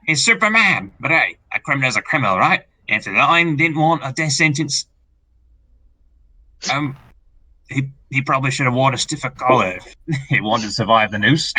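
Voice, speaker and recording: A man's voice: mid-range voice, lively intonation, moderate pace, bright, forceful tone, no room sound, low-quality recording. A man chatting and joking casually while playing a game with a friend. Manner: giggly, joking. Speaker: let's play co-host. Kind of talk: casual gaming chat.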